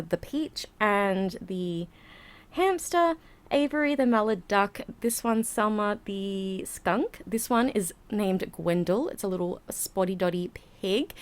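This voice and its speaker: Breathless, chatty woman. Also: mid-range voice. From Australia. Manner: chatty, rambling, giggly. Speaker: vlogger. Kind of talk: casual voiceover narration. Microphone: home voiceover mic.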